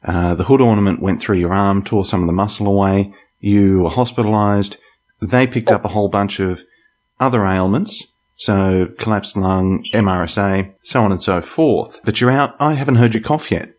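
A man hosting a podcast, speaking slowly and in a measured way. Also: fairly low pitch, darkish tone. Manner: slow, measured speech. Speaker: podcast host. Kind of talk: casual interview.

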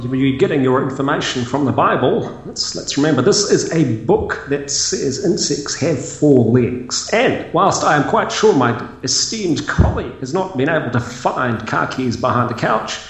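Wry sarcastic man, lively voice. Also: medium pitch, moderate pace, few pauses. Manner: wry, mock-gallant, sarcastic. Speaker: comedy debate guest. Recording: echoey room.

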